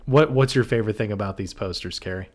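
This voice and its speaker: A man in a loose, joking podcast conversation, wandering through his points with plenty of ums. His voice sits somewhat low. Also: quick pace. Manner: jokey, rambling, many fillers. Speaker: podcast co-host. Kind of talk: casual chat.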